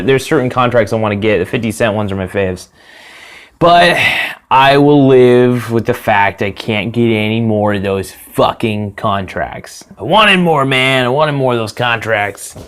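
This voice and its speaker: A young man hosting his own finance podcast, talking casually on his own, rambling with many fillers and restarts, and swearing freely. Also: on the low side. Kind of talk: casual solo podcast talk.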